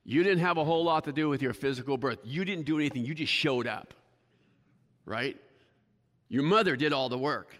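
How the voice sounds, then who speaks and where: A man with a fairly high voice preaches to his congregation, chatty and self-deprecating, tossing in "right?" as he goes. His voice rings with a long reverb from a church sanctuary. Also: fairly quick, long pauses, a bit bright. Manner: conversational, keeps asking the congregation "right?". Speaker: pastor. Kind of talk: sermon.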